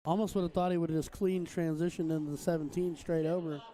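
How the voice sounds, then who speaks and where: A man's voice: a little high, steady tone, quick pace, mellow. A man co-commentating live on darts in an easygoing, bantering way.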